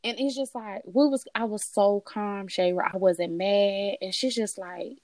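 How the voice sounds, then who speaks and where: A woman's voice: a little slow, dry recording. A woman, telling a personal story in casual chat and acting out the quoted voices. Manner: animated, acts out quoted voices with big pitch jumps.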